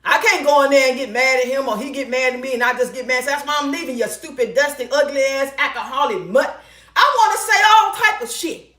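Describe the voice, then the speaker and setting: Middle-aged woman vlogger, high-pitched, loud and blunt, swearing freely, in an echoey kitchen. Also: fast. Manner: loud, blunt and profane, with bursts of laughter. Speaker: relationship advice vlogger. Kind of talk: casual storytelling chat.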